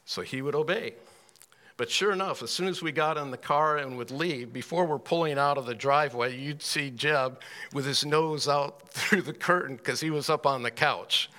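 A man teaching a Bible class in a folksy, unhurried way, with dry little asides. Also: a little high, bright, forceful tone.

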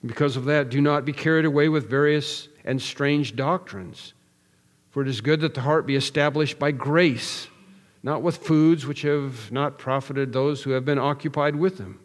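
A man's voice: medium pitch, steady tone, normal speed. Earnest preacher man in a reverberant hall. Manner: earnest, emphatic repetition with restarts. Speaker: pastor. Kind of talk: expository sermon.

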